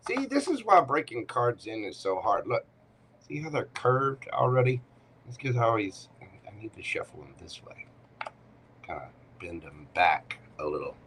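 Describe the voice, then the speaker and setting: A man's voice: mid-range voice, pushed and bright, slight background noise, poor audio. A man hosting a casual live tarot reading, chatting to viewers and talking to himself as he shuffles cards at home. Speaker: tarot reader.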